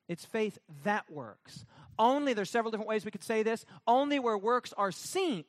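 Guy preaching a sermon, pretty high voice, leans on call and response, gets sarcastic. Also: fairly bright tone, no room sound, clean studio sound. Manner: emphatic, repetitive, call-and-response with congregation; mocking sarcastic put-on voices for effect. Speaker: pastor.

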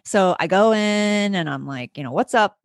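A woman's voice: medium pitch, normal speed, creaky, dry recording, studio quality. A woman, a teacher, telling a story in casual chat, acting out the people in it. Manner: animated, acts out voices in her story.

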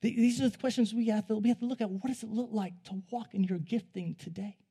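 High-voiced man preaching casually. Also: breathy edge. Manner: animated, joking, with quick restarts. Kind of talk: conversational sermon.

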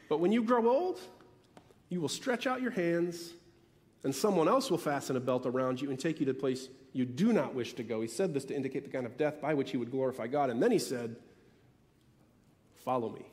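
A man preaching a sermon as pastor, emphatic, repeating key phrases with dramatic pauses. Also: fairly high pitch, a little mellow, big-room sound.

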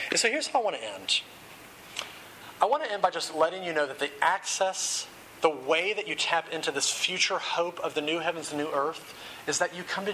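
A man preaching a sermon as a pastor, emphatic, slowing on key words and speeding through others. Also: a little high, bright, forceful tone, a little hiss or hum, low-quality recording. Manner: emphatic, shifting between slow stress and quick runs.

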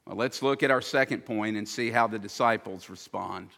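A man's voice: lowish voice, moderate pace, vocal fry, fairly bright tone, long reverb tail. A man, a pastor, preaching an earnest, emphatic sermon and acting out the quoted lines.

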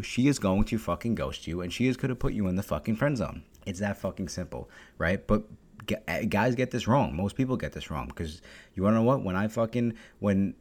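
Young male solo podcast host, deep voice, blunt and heavily profane delivery. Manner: profane, blunt, fast-talking. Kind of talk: casual solo podcast monologue.

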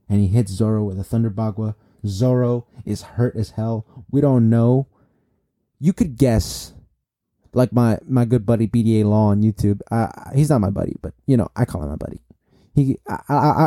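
A man casually recapping a comic chapter, excitable and repetitive, talking straight to his viewers. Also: lowish voice, dry recording, clean studio sound. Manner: excitable, repetitive, speaks to viewers as guys and bro. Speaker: manga recap vlogger.

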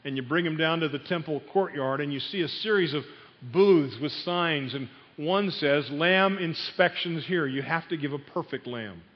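A man's voice: fairly high pitch, normal speed. A man preaching a sermon, telling a story and putting questions to his listeners. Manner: storytelling, asks the audience questions. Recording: dull sound in a long-reverb hall.

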